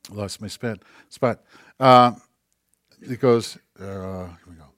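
A man preaching a sermon, moving between soft, conversational asides and forceful, rising preaching. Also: lowish voice, very slow, gravelly, dry recording, studio quality. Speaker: pastor.

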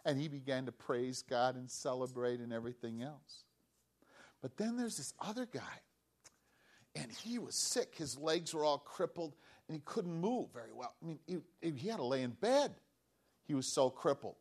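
A man preaching a children's sermon, telling a story in an animated way and asking the children questions. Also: mid-range voice, moderate pace. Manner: animated, asks children questions, acts out voices. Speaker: pastor giving a children's message.

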